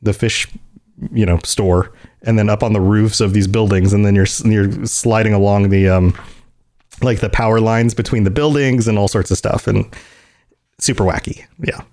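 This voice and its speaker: A man co-hosting a casual gaming podcast, talking in a relaxed, rambling way with plenty of fillers. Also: fairly low pitch, normal speed. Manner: laid-back, chatty storyteller with lots of fillers. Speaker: podcast co-host. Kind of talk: casual chat.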